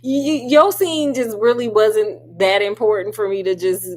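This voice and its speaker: A woman's voice: medium pitch, normal speed. A woman reviewing a film in a casual, sassy, chatty way. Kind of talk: casual chat.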